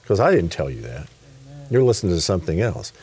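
Give me a deep, husky man teaching scripture earnestly. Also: sing-song, fast talker. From West Texas. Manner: earnest, affirming, drops to soft murmurs of agreement. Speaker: guest minister. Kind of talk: conversational Bible teaching.

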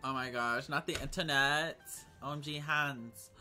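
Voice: mid-range voice, slow, pauses often, pushed and bright, faint music behind. A young adult gaming vlogger chatting casually while playing, full of slang, gasps and dramatic exclamations. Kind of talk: casual gaming commentary and chat.

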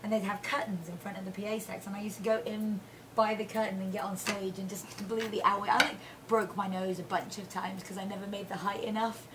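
A woman, chatting casually as a guest and telling animated stories with frequent laughter. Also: mid-range voice, fast, noisy background. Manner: animated storyteller, laughs often. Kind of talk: casual chat.

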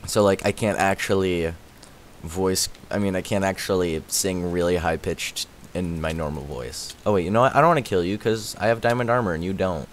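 A young man chatting casually on a live game stream, excitable and laughing often, his voice worn out. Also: low voice, normal speed, slight background noise. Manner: excitable, laughs often, yelps and shouts when startled.

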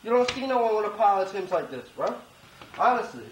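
High-voiced man ranting profanely outdoors. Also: big pitch swings, quick pace. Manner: profane rambling rant, peppered with "man" and "bro". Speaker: clothing designer. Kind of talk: comic mock-documentary rant. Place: outdoors at a tent campsite. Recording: noisy outdoor recording.

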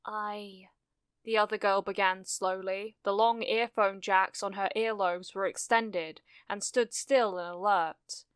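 A woman narrates a fan fiction story in a steady, measured reading voice. Her tone is smooth and clear. The recording is close and dry, with no room around it. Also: medium pitch, dry recording. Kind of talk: scripted narration.

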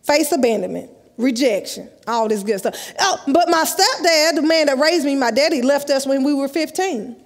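A woman, telling a lively story in a sermon at a youth conference and acting out the dialogue. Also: high-pitched, moderate pace, few pauses. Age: 30s. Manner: lively, acts out dialogue, laughs often. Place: large church sanctuary, live. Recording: live church hall with long echo.

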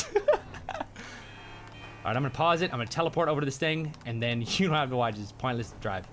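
A man's voice: medium pitch, brisk, fairly bright tone, a little hiss or hum. A young man commentating over gameplay in a goofy, joking way, with mild swearing. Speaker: gaming video host. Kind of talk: let's play commentary. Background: game music and sounds.

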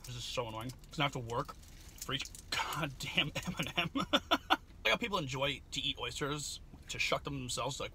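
A man's voice: mid-range voice, fairly quick, bright, forceful tone, slight background noise. A man doing a goofy, sarcastic snack taste-test vlog, often slipping into silly bits. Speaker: vlogger.

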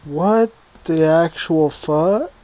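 A man in his thirties commentating his own football video game, swinging from muttered asides to loud, exasperated, swearing outbursts. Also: on the high side, drawn-out words, faint music behind. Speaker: gaming YouTuber playing a football video game. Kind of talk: casual live gameplay commentary.

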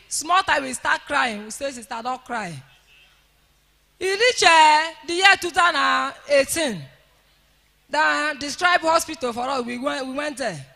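A Nigerian woman giving an emotional church testimony, rising to shouts of praise. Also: high-pitched, in a large hall.

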